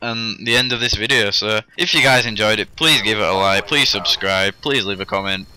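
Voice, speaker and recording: A young man talks casually to his viewers in a voice-over. His voice is bright and cutting, set a little low. He rambles and jokes at his own expense. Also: moderate pace. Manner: chatty, rambling, self-deprecating humour. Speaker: gaming YouTuber. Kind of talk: casual vlog storytelling over game footage.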